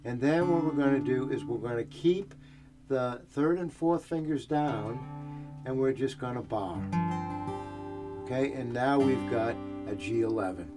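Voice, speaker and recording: A man talks through a guitar lesson in a relaxed, explanatory manner at a middle pitch. He walks through chord shapes and hums the melody between lines. Clear guitar playing runs behind his voice. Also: measured pace. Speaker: guitar teacher.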